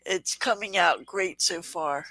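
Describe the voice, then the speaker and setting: A woman's voice: fairly low pitch, a little slow, pushed and bright, no room sound, rough recording. A woman with a Southern US accent hosting a casual crafting livestream, chatting and greeting viewers in the chat. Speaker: livestream host.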